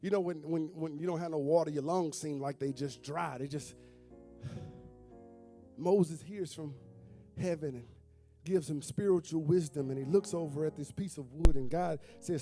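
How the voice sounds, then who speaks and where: A man's voice: on the high side, moderate pace, mellow. A male pastor preaching a sermon, calling out to the congregation and breaking into sung, whooping phrases. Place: church sanctuary with congregation. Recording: faint instrument music behind.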